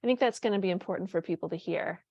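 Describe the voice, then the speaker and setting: A woman's voice: on the low side, rapid-fire, no echo, dull audio. Chatty woman podcast host, dry sound. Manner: chatty, rambling, frequent restarts and "like". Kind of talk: casual conversational interview.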